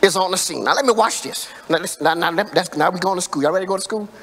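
A man preaching a sermon in call-and-response style, building to emphatic shouts. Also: high voice, rapid-fire. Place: church sanctuary. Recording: echoey church hall reverb.

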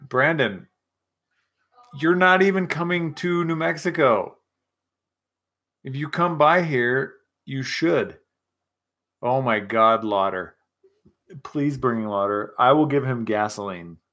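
A man's voice: medium pitch, lively intonation, slow pace, pauses often, a bit bright. A man hosting a casual live chat with viewers, rowdy, joking and profane, a little tipsy. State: tipsy from scotch. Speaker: livestream host.

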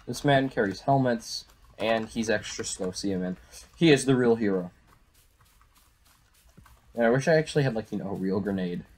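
Excitable young man commentating gameplay. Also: fairly low pitch, moderate pace, pauses often. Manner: excitable, reactive, frequent exclamations. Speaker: gaming YouTuber.

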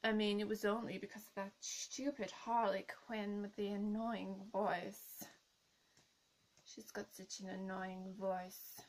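Poison Ivy, a woman doing a slow seductive whisper. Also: medium pitch, little pitch movement, natural voice, poor audio. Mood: teasing. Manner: teasing, flirty, blowing kisses, slow hypnotic coaxing. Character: seductive scheming female villain, plant-loving, imprisoned. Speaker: YouTube role-play creator. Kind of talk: whispered role-play.

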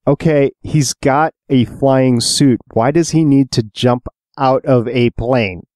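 A man's voice: mid-range voice, takes it slowly, a little mellow, no echo, studio quality. A man co-hosting a podcast, chatting casually about films and sharing trivia with a laugh. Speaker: podcast co-host.

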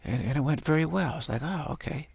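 An older man giving a casual spiritual talk, rambling and halting with many restarts and playful acted-out quotes. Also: mid-range voice, vocal fry, husky, no echo. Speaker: spiritual teacher.

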